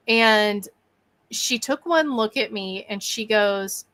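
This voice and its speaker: A woman's voice: a little high, moderate pace. Woman telling a vivid story. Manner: animated, acts out her own thoughts and quotes. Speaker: bigfoot researcher and podcast guest. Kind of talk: storytelling in a podcast interview.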